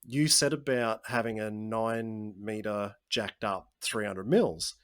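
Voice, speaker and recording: A man hosting a podcast, telling a story in casual chat with animated asides. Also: on the low side, slow pace. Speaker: podcast host.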